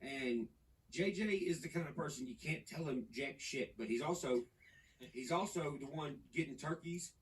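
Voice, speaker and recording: A man from Nashville, talking in a casual podcast chat, animated, profane and rambling. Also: a little high, normal speed, distant mic, slight background noise, low-quality recording. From Nashville, Tennessee. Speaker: podcast guest.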